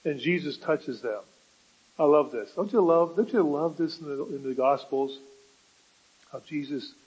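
A man's voice: fairly high pitch, darkish tone, slightly rough, poor audio. A man preaching a sermon as pastor, earnest, repeating words and asking rhetorical questions.

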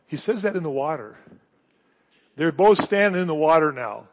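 A middle-aged man preaching a sermon, telling the story with animated delivery and rhetorical questions. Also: fairly high pitch, moderate pace. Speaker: pastor. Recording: muffled sound, long hall reverb.

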